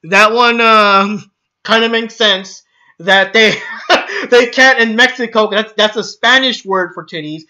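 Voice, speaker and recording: A man's voice: sits high, unhurried, bright, forceful tone. A man hosting his own channel, ranting casually on a livestream with lots of swearing, fillers and restarts. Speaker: channel host.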